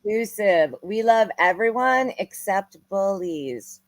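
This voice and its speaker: Co-host: woman, slow-paced, animated pitch, dry close sound, easygoing banter. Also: dry recording. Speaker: guest co-host. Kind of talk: casual live aftershow chat.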